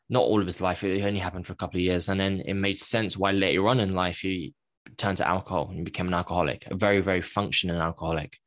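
A deep-voiced man, appearing as a podcast guest, shares a personal story in a candid, reflective way, frequently stopping to fix what he's saying mid-sentence. His delivery is brisk and fairly even in intonation, with a slightly bright tone. The recording is close and dry, with no room echo at all.

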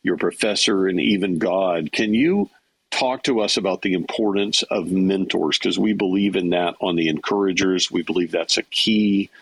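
Deep husky-voiced male interviewer. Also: no echo, low-quality recording. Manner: measured, reads prepared questions. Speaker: interview host. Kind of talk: interview questions.

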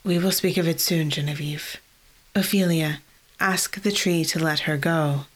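A woman voicing a calm male guardian figure, giving low, firm orders. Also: a little slow. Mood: commanding. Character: calm male guardian with golden eyes, commanding.

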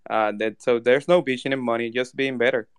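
Halting man with a smooth voice. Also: medium pitch, steady tone, dry recording, clean studio sound. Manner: halting, searching for words. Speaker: panelist. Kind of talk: casual chat.

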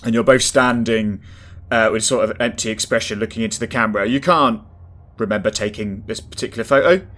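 A man narrating as game master of a tabletop game, easygoing and quick to laugh. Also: lowish voice, a bit bright.

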